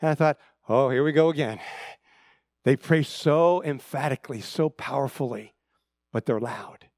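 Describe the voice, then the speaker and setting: Dry-sounding pastor preaching with swelling emphasis. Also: male voice, medium pitch, moderate pace, no room sound. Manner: storytelling with repeated words, swinging between loud emphasis and hushed drops. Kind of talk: sermon.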